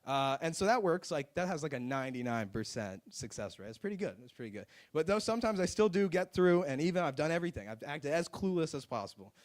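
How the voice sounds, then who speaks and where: A man's voice: on the high side, big pitch swings, quick pace, few pauses. A young man doing open mic stand-up comedy on a club stage, rambling and self-mocking, with lots of "like.". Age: young adult. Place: live music club stage.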